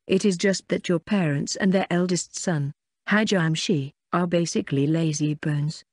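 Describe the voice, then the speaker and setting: A synthetic narrator voicing an eccentric, boastful man from a village, speaking slowly and fervently. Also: mid-range voice, steady tone, no room sound, clean studio sound, lightly acted. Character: eccentric village chief's son, male, boastful zealot.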